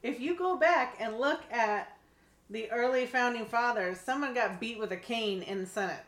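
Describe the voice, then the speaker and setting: A woman's voice: fairly high pitch, moderate pace, a bit bright. A woman co-hosting a casual political chat, wry and skeptical, laughing lightly between points. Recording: echoey room.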